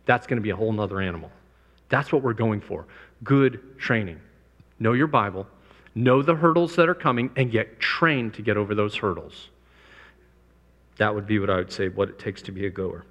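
A man's voice: lowish voice, moderate pace, fairly bright tone. A man giving a missions talk to a live audience, emphatic and repeating his key points. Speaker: missions speaker. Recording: long hall reverb.

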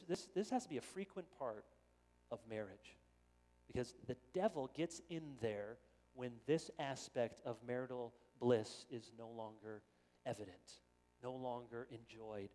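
A middle-aged male pastor delivering a sermon with earnest, animated energy. His voice sits at an ordinary pitch and rings out with the long reverb of a church hall. He sometimes stumbles into quick repeated restarts as he presses his point.

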